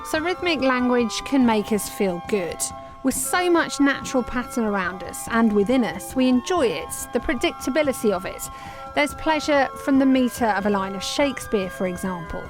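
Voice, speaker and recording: A woman presenter giving a reflective, measured scripted narration. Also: a little high, expressive, low-quality recording. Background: music.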